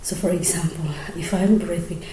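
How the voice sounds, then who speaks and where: A woman's voice: fairly low pitch, steady tone, normal speed, warm tone. A young woman casually explaining her singing technique, hesitant, with many fillers and stretches of near whisper. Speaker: amateur singer sharing tips. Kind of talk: casual vocal tutorial. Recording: echoey room with faint ambient noise.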